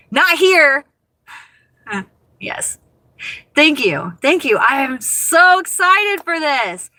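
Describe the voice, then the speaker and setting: Woman, expressive livestream chat, in a car, bright forceful voice, fairly high, dry close sound. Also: no room sound. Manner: expressive, animated, laughs often. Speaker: livestream host chatting with viewers. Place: inside her car.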